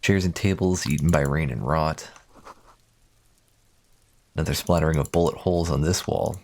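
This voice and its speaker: A man's voice: a bass voice, normal speed. A young man livestreaming a game, reading its text aloud with playful, profane asides. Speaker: streamer. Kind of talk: casual gaming commentary.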